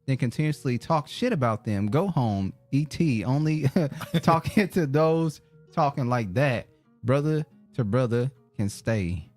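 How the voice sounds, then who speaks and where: Male co-host, mid pitch, quick joking asides, faint music. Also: darkish tone. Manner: quick joking interjections, laughs a lot. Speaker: podcast co-host. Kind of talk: casual podcast chat.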